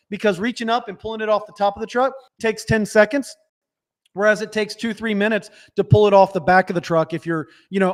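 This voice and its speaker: A man coaching small business owners on a live stream, direct and instructive, often checking in with "right?". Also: high-pitched. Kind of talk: live webinar teaching.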